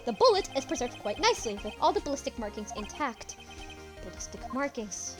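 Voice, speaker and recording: A woman voicing a confident young male defense lawyer from a courtroom game, speaking in a measured, pressing way. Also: a little high, sing-song, music in the background. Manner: measured, building to triumphant.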